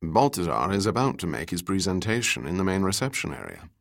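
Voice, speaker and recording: A man voicing a tall, middle-aged, gallant gentleman with formal, courtly speech in an audiobook. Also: low voice, very animated, brisk, vocal fry, full character voice.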